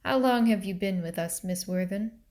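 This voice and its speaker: A woman's voice: mid-range voice, a little mellow, close to an everyday voice. A woman reading a stern male mill agent. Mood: formal. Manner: formal, measured, questioning.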